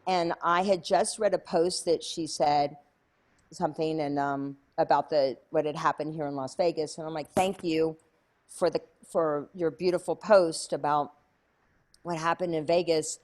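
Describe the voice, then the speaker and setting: A woman's voice: low-pitched, steady tone, measured pace, a little mellow. A woman guest in an interview, telling a story in a chatty way with many fillers and acted-out quotes. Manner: chatty, many "like" fillers, acts out her own past lines.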